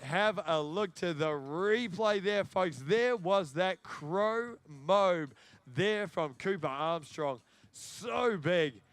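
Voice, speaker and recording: A man giving excitable live sports commentary and hyping up the crowd. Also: high voice, dry recording. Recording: faint music in the background.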